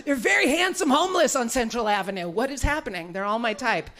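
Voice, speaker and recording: Female stand-up comic, bawdy and brash, somewhat high voice, laughs often, small warehouse studio venue. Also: lively intonation, quick pace, a bit bright. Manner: brash and bawdy, laughing at her own jokes. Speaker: stand-up comedian. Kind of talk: live stand-up set.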